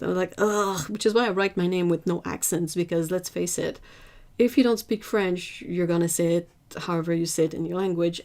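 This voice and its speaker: A woman hosting an art livestream, chatting casually with viewers, emphatic and lively. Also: lowish voice. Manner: chatty, answers viewers' chat.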